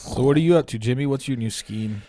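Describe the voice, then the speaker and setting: A man's voice: mid-range voice, quick pace, dark tone, slight background noise. A man co-hosting a comedy podcast, telling rambling, profane stories in casual chat and acting out the quotes. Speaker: podcast co-host.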